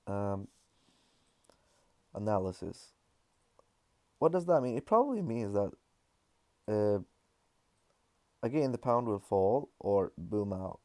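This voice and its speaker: A man's voice: medium pitch, warm tone. A man casually walking through market charts, explaining in a loose, repetitive way with frequent fillers. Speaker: trading analyst.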